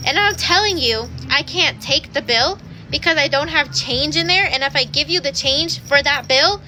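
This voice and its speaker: A woman's voice: high-pitched, moderate pace, sharp tone, faint music behind. A woman working in retail, ranting to camera in a frustrated, scolding way. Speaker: retail worker. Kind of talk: to-camera rant.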